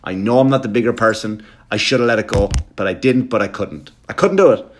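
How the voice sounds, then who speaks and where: A male comedian telling a story for laughs, swearing freely and often checking in with a quick question to the listener. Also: on the low side, a little hiss or hum. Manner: profane, animated, keeps checking in with the listener.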